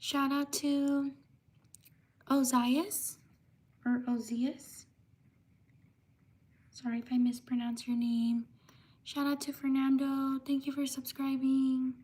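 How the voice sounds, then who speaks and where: A woman livestreamer giving slow, careful shout-outs to viewers while writing their names by hand, often apologizing for pronunciation. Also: high voice, flat delivery.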